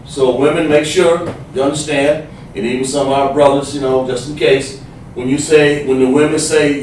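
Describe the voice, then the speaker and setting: A man teaching a livestreamed class, explaining slowly, repeating himself and sounding out letters. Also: mid-range voice, distant mic. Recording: echoey room, voice from off the mic, faint noise.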